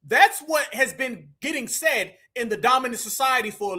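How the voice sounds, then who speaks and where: A man's voice: very high voice, animated, moderate pace, few pauses, pushed and bright, husky. A man hosting a live stream, giving heated, emphatic commentary and repeating phrases for effect. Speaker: livestream commentator.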